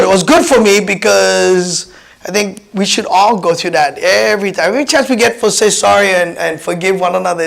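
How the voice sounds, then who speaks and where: A man in his fifties from Hawaii with a Pidgin-tinged accent, a comedian telling personal stories in an animated, chatty keynote speech. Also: high-pitched, gravelly, rough recording. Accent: Hawaiian Pidgin-tinged English. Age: 50s. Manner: animated, chatty, many restarts and laughs.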